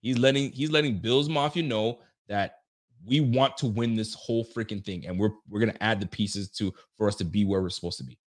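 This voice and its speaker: A man doing casual reaction commentary as a sports fan, excitable and ranting, laughing often. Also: on the low side, a little fast.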